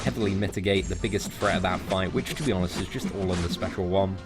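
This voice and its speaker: A young man casually commentating his mobile game live, chatty and jokey, thanking viewers as he plays. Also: fast talker. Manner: chatty, jokey, lively pitch jumps when excited. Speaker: gaming livestream host. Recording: faint music behind.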